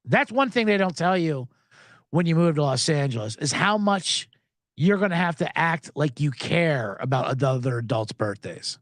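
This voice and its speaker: A man's voice: normal speed, no room sound, clean studio sound. A man hosting a live sports podcast, ranting casually and sarcastically, often acting out other people in a raised voice. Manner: animated, sarcastic, mimics others in high voices. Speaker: podcast host. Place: Los Angeles.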